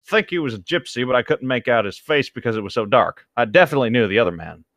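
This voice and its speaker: A man's voice: medium pitch, lively intonation, quick pace, a bit bright, no echo, clean studio sound. A man co-hosting a comedy podcast, reading a fanfiction aloud and breaking off to laugh and comment. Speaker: podcast co-host.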